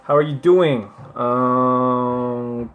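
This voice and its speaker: Casual vlogger voice, unhurried, self-questioning, echoes each French phrase; faint music underneath. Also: medium pitch, steady tone. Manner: repeats French phrases aloud and thinks out loud. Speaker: language learner vlogger. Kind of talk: casual chat while doing app lessons.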